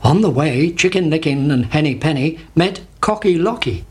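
A storyteller reading a children's story aloud in a steady, clear way. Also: mid-range voice, normal speed, few pauses, very noisy. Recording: bird chirps behind.

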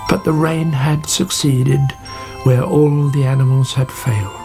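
A man narrating a children's story in a gentle, even reading voice. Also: medium pitch, unhurried, vocal fry. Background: background music.

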